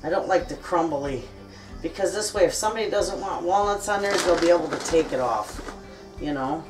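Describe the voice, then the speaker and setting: A middle-aged woman talks to her viewers as friends in a chatty, folksy way while cooking at home. Her voice sits a little low. She stands back from the mic, with soft music playing under her. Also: fairly quick, distant mic. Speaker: cooking vlogger. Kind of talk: casual kitchen chat while cooking. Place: home kitchen.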